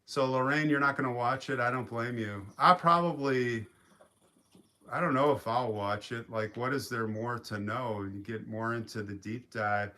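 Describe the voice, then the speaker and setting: A man hosting a casual live stream from a quiet home in the woods, rambling and reading viewer comments aloud. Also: mid-range voice, moderate pace. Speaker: livestream host.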